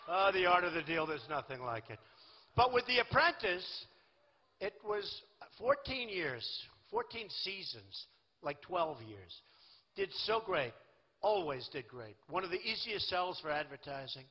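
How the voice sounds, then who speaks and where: Rally speaker, man in his sixties, boastful and repetitive, fairly high voice, husky, long hall echo, dull lo-fi sound. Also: very animated, measured pace, bright, forceful tone. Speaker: political candidate. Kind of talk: campaign rally speech. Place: large rally venue. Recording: lo-fi echoey hall recording.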